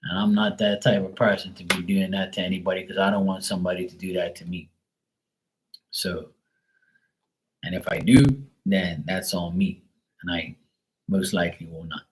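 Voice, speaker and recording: Man, middle-aged, slightly low voice, live-stream host, casual rambling chat, profane, blunt, lots of fillers. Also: little pitch movement, normal speed, long pauses, slight background noise, rough recording. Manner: acts out quoted people in raised voices.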